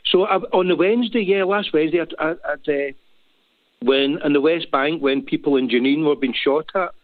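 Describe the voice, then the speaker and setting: Calling a talk show by phone, a man from Scotland with a Glaswegian accent speaks at a moderate pace in a fairly high voice, with no echo on the dry, tinny line. He is earnest and emotional, rambling and restarting many times.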